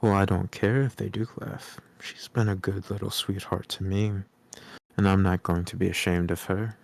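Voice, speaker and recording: A man's voice: sits low, flat delivery, normal speed, gravelly, dry recording. A man voicing a modest, earnest young farmer's son while reading a storybook aloud.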